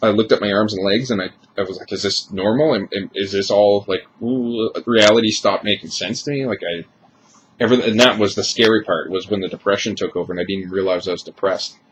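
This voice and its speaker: A man in his thirties speaks in a rambling, confessional way, circling back and restarting his sentences. His voice sits fairly low. The recording is dull and lo-fi, with a faint hiss underneath. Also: fast, a bit bright. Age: 30s. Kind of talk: personal vlog monologue.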